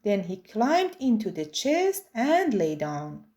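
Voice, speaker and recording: A woman reading a children's picture book aloud with expressive storytelling. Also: medium pitch, takes it slowly. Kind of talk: children's read-aloud narration.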